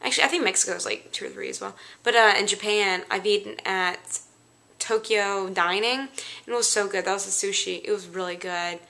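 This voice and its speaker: Chatty young woman with a gravelly voice. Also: mid-range voice, brisk, sharp tone. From Louisiana, United States. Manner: chatty, exasperated, rambling. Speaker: vlogger. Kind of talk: casual chat.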